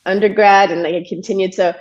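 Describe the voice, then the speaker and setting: A woman's voice: medium pitch, fast. Woman on a dull call line. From Montreal, Canada. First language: French. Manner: relaxed, with many fillers like "like" and "you know". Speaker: podcast guest, yoga teacher and stress coach. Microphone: video call.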